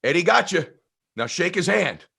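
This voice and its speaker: A man voicing a big, tattooed, rough neighbor dad who barks loud gruff orders. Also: high-pitched, very animated, moderate pace, voice pushed up, exaggerated voice.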